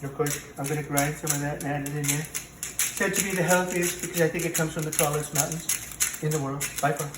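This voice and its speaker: Heavy background noise surrounds this man's natural, high-leaning voice, which stays steady as he talks fairly quickly with few pauses. He's parodying a president who hosts a cooking show, bragging and rambling in a home kitchen while contradicting himself. The kitchen is echoey and the mic is set back from him.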